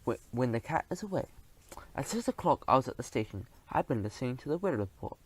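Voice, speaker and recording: A man reading a children's audiobook aloud as a first-person narrator, in a lively, expressive telling. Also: mid-range voice, fast, slightly rough, poor audio.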